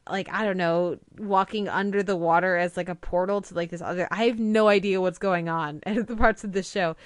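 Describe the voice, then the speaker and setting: A woman's voice: medium pitch, no echo, studio quality. A young woman co-hosting a casual podcast, chatting enthusiastically about TV episodes with frequent fillers and restarts. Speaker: podcast co-host reviewing TV.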